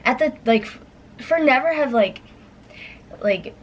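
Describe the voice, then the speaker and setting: A woman's voice: lively intonation, unhurried, slight background noise, poor audio. Rambling young woman telling a story. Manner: rambling, full of "like" fillers; acts out her own past lines in a higher voice. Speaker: guest storyteller. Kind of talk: casual story time chat.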